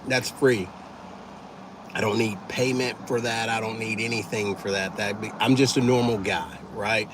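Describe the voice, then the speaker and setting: A man's voice: fairly low pitch, steady tone, normal speed, noisy background. A man hosting a casual livestream, chatting easily with viewers and thanking them one by one. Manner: easygoing, thanks viewers by name, talks while eating. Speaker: livestream host.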